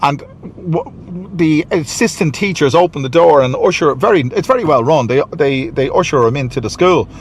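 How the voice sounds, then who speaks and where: A man's voice: a little high, lively intonation, moderate pace, a little hiss or hum. A man vlogging into a handheld camera outdoors and in his car, rambling, repeating himself and sounding pleased with himself. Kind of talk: walking vlog monologue. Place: outdoors in a city street and car.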